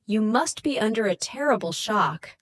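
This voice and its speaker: A woman voicing a soft-spoken, formal and apologetic male diplomat on the phone. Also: medium pitch, animated, normal speed, no echo.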